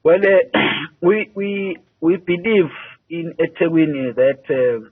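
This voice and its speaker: A man, a party spokesperson answering a news interview by phone, measured and halting, with many hesitations and repeated words. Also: a little high, steady tone, breathy edge. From South Africa. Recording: tinny phone line.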